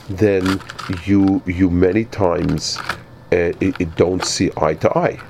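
A man teaching a Torah lecture as a rabbi, speaking in a halting way with many repeated words and pauses. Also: sits low, darkish tone, slight background noise, poor audio.

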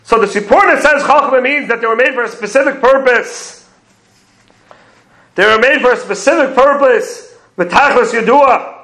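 High-voiced man teaching prayer commentary. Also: moderate pace, pushed and bright, roomy sound, poor audio. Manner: explains commentaries step by step, quoting Hebrew phrases. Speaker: Torah teacher.

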